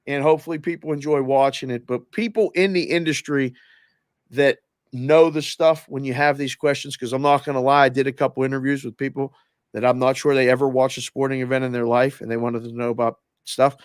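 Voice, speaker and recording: Animated storytelling man, dry close sound. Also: medium pitch, a little fast, smooth, no room sound. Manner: animated storyteller, acts out the people he quotes. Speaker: guest, former oddsmaker. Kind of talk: casual sports-betting chat.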